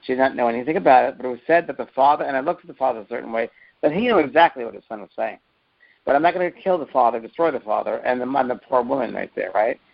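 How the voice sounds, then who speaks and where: A man who teaches mediumship tells stories from his work in an interview answer, speaking earnestly and emphatically and often repeating himself. His medium-pitched voice is gravelly and rapid-fire, and the audio is muffled and lo-fi.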